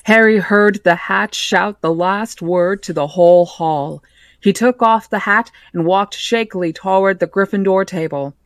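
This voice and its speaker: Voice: mid-range voice, a little slow, no echo. Podcast host reading a novel aloud.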